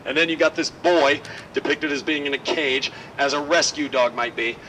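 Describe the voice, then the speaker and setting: A man leading a walking tour outdoors, telling stories in a lively, joking way. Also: on the high side, normal speed. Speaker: tour guide. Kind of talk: guided walking tour talk. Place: outdoors on a city street. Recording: distant outdoor mic, faint street noise.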